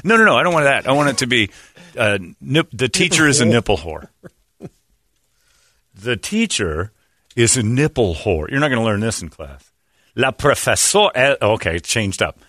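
A man's voice: mid-range voice, sing-song, moderate pace, a bit bright, dry recording, clean studio sound. A man hosting a talk show, joking around and laughing as he butchers mock Spanish phrases. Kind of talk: casual comedic banter.

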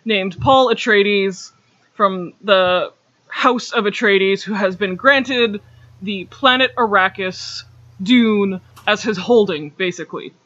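High, bright-voiced man chatting casually. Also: slow, dry recording. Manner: chatty, filler-heavy, laughs as he talks. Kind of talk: casual explanatory chat. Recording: dull, dry lo-fi recording.

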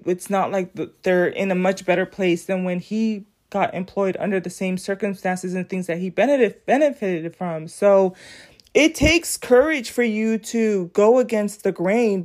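A woman's voice: mid-range voice, a little mellow. Chatty woman podcast host. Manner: chatty, addresses listeners as y'all. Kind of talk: casual commentary reacting to clips.

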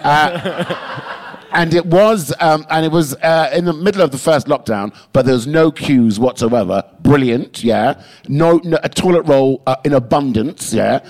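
A man from London, a podcast guest in casual chat, telling stories with lots of swearing and animated swings. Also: fairly high pitch, unhurried.

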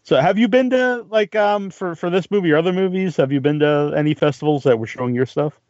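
A man from Massachusetts with a standard American accent, hosting an interview in a hesitant way with many pauses and restarts. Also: fairly high pitch, a little mellow, dry recording, muffled recording. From Cape Cod, Massachusetts. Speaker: podcast host. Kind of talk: casual interview chat.

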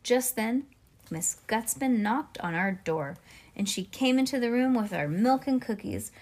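A woman reading a children's chapter book aloud in a lively, expressive way. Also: a little high, measured pace. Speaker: reader.

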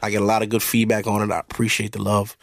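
A man's voice: lowish voice, completely flat delivery, fast, creaky, dry recording. A young man with a New York accent hosting a podcast, blunt and profane, joking through casual chat. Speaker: podcast host.

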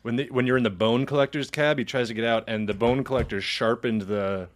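A man's voice: mid-range voice, steady tone, fairly quick. A man co-hosting a comedy podcast, telling a story in a rambling way, laughing often and acting out quoted voices. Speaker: podcast co-host. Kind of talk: casual comedic chat.

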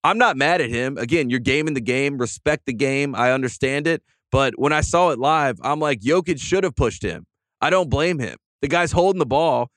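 A man's voice: medium pitch, moderate pace, fairly bright tone, no room sound. Man, podcast host, fired-up emphatic ranting, casual chat, dry close sound.

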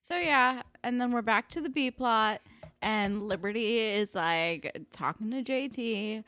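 Young woman co-host, low and lively, blunt and sweary, close dry recording. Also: a little slow, clear, resonant tone, no echo. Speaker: podcast co-host recapping a TV episode. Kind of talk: casual chat.

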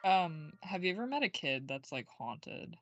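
A woman's voice: lowish voice, very animated, normal speed, a bit bright, dull audio, soft background music. A young woman co-hosting a podcast, talking casually and rambling with lots of filler words. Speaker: podcast co-host. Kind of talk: casual chat.

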